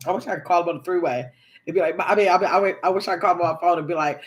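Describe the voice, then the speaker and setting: A woman chatting on a casual live stream, reading viewer comments aloud and greeting people by name. She tells a story in a lively, animated way. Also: lowish voice, racing. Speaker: livestream host.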